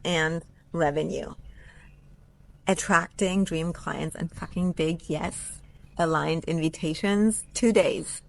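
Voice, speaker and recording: Effusive woman coach greeting live viewers. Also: lowish voice. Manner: effusive, greets viewers by name, swears freely. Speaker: business coach hosting a live stream. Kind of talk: casual live-stream chat. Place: outdoors by a pool.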